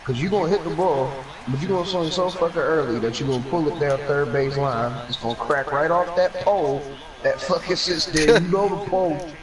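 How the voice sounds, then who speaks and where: A man's voice: a little high, fairly quick, reverberant. A young man chatting with a friend in blunt, profane banter during a gaming session. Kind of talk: casual banter. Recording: distant mic with game crowd noise.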